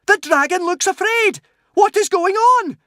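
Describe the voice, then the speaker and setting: A man reading an audiobook voicing an excited Viking woman. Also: very high voice, a little slow, no room sound, studio quality, pitched above the performer's own voice, exaggerated voice.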